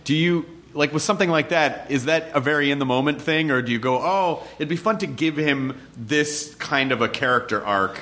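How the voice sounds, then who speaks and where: A man hosting a casual interview, talking loosely, swearing freely, and shouting when he mimics someone. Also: a little high, brisk, hardly any pauses.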